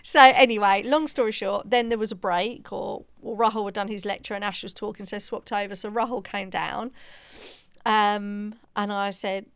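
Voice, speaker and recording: A woman's voice: mid-range voice, fairly even intonation, moderate pace, creaky, clear, resonant tone, no echo. A woman podcast co-host and practice manager, telling a story in casual chat and acting out the quoted dialogue with laughter.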